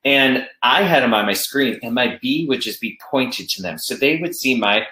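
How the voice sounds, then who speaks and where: Male music teacher presenting online, animated delivery, echoey room sound. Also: medium pitch, normal speed. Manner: explains classroom games, speaks chants in rhythm.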